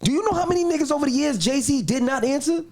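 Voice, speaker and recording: A man in a casual podcast chat who jumps in with brash, excitable banter. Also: extremely high pitch, fast talker, over a noisy crowd. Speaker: podcast co-host.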